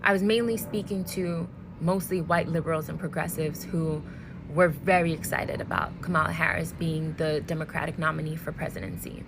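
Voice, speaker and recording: A woman speaking earnestly and deliberately to camera, emotionally worn out. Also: low-pitched, fairly even intonation, noisy background. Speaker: social media creator. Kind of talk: direct-to-camera commentary video.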